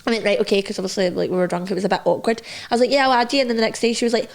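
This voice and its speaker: A young woman with a Scottish accent, co-hosting a podcast and telling lively stories full of acted-out quotes. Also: mid-range voice, very fast, vocal fry. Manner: lively storyteller, acts out quotes. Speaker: podcast co-host. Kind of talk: casual chat.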